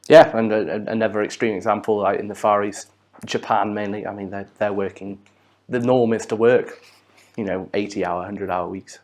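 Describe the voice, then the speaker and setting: A man co-hosts a business podcast with a somewhat low voice. He talks in a relaxed, joking way and throws in examples as he goes. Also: moderate pace. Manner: easygoing, joking, adds examples. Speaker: business advisor, podcast co-host. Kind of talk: casual conversational podcast chat.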